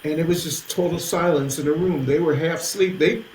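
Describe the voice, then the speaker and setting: Animated older man telling stories, roomy. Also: fairly high pitch, brisk. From New Jersey. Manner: animated storyteller, acts out quoted voices. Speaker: musician guest. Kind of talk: interview storytelling. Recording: roomy with faint noise.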